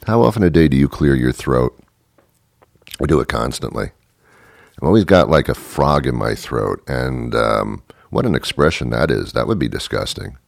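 A man's voice: rumbling low, sing-song, normal speed, gravelly, no room sound. A man hosting a radio show, rambling through a dry, self-mocking comic monologue and chuckling as he goes.

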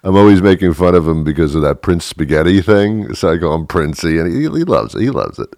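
A male podcast host telling a rambling comic story in a deadpan way, repeating himself and filling gaps with "uh.". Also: low voice, brisk, vocal fry.

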